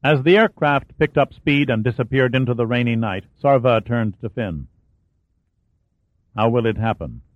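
A man narrating an audiobook thriller in a steady storytelling manner. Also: medium pitch, normal speed, hardly any pauses, no room sound. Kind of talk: scripted narration. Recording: dry, phone-like narrow sound.

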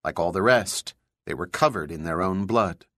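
A man narrating a thriller audiobook in an even, measured storytelling voice. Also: deep voice, dry recording, studio quality. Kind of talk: scripted narration.

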